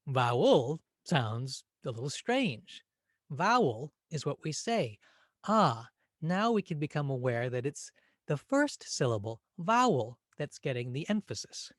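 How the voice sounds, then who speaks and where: Male grammar teacher, patient and demonstrative, fairly high, very animated pitch, dry close recording. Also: no room sound. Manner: gentle, patient, demonstrates words by exaggerating them. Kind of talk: spoken English lesson.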